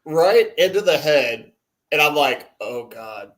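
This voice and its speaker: A man's voice: a little high, animated, takes it slowly. A man co-hosting a casual talk stream, telling a story with lots of laughs and acted-out quotes. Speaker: co-host. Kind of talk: casual chat.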